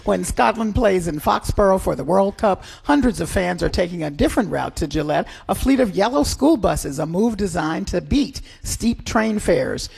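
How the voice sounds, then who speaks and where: Female radio host, gravelly fry, husky, dry wit. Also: fairly low pitch, lively intonation, normal speed, hardly any pauses, a little mellow. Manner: wry, laughing asides. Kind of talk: radio arts and culture chat.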